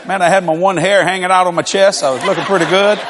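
A man in his sixties preaching a humorous storytelling sermon, animated and folksy, often laughing through his stories. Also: sits high, fast talker, in a large hall, some chatter behind.

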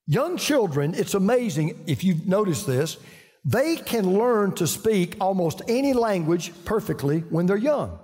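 A man's voice: high-pitched, sing-song, a little slow, darkish tone, long reverb tail. An older man with a Southern US accent, preaching a folksy sermon full of stories and restarts. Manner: folksy, storytelling, frequent restarts. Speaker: pastor.

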